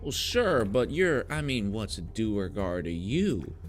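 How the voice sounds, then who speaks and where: A man's voice: fairly low pitch, very animated, slow, soft background music. A man playing a tabletop game, questioning and reasoning aloud in character. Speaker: player.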